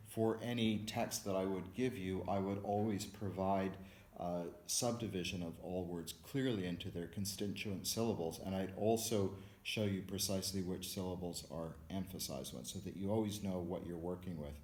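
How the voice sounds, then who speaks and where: Deep-voiced man lecturing in an echoey room. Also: a little mellow. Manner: patient, explanatory, measured. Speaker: music theory lecturer. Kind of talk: recorded lecture. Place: room with a board. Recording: echoey room, faint background hiss.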